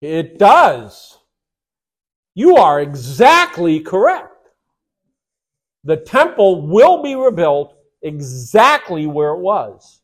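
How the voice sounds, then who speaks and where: A man's voice: on the high side, wildly swooping pitch, takes it slowly, pauses often. A man teaching a Bible study lesson in an emphatic, conversational way, often checking in with rhetorical questions and taking questions from the class.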